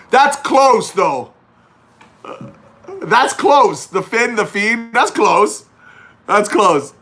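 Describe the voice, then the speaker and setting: Bright-voiced man hosting a chatty livestream. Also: very high voice, sing-song, very slow, long pauses. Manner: chatty, teasing, reads viewer questions aloud. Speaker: livestream host. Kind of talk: casual livestream chat.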